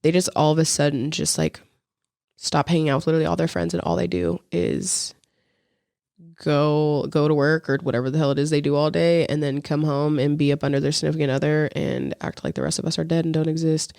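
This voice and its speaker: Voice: mid-range voice, level tone, a little fast, gravelly, darkish tone, no echo, clean studio sound. A young adult podcast co-host in rambling, slangy casual chat, swearing freely and acting out quoted lines.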